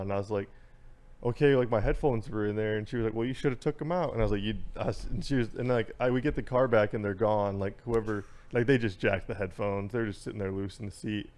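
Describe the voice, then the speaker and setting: A young man, a podcast guest, chatting casually in halting phrases that restart often, getting worked up as he vents. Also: lowish voice, a little mellow. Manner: halting, many restarts, gets worked up when venting. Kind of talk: casual chat.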